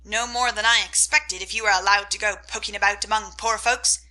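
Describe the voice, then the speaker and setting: A woman voicing a gruff, sharp-tongued rich old aunt in a storybook reading. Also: medium pitch, steady tone, brisk. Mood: scornful. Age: older. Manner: gruff and scolding.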